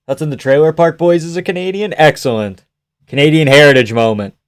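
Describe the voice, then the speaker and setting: A man hosts a live fight reaction stream, his voice sitting a little high. He chats with viewers, answers their questions and swears freely. When the action heats up he yells at the fighters and the referee. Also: brisk. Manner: reads and answers chat. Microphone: desk mic, gain adjusted live.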